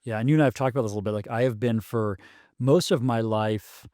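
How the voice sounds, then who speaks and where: A man's voice: mid-range voice, a little mellow, no room sound. Guy in his 40s, guest on a podcast, stops and restarts a lot, dry close sound. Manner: halting, restarts often, many ums. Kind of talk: casual storytelling conversation.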